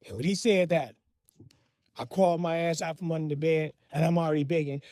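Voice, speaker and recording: A man with a high voice tells a personal story with vivid, dramatic pacing. He is recorded close in a dry room with no echo. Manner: animated, vivid, dramatic pauses.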